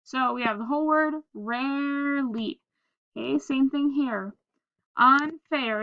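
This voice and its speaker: A woman's voice: high-pitched, measured pace, dull audio. A woman teacher giving a phonics lesson, patiently spelling words letter by letter and prompting the class to read along. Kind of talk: phonics lesson, reading aloud slowly.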